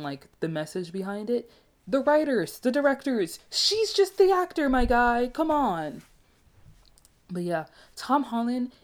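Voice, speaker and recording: A woman giving a casual, animated movie review, chatty and emphatic with frequent asides. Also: medium pitch.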